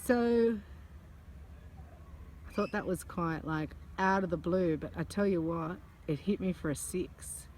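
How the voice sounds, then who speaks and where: A woman and psychic channeler, telling a personal story in a chatty, animated way outdoors. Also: lowish voice, unhurried, a little hiss or hum. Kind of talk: casual storytelling vlog. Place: outdoors among butterflies.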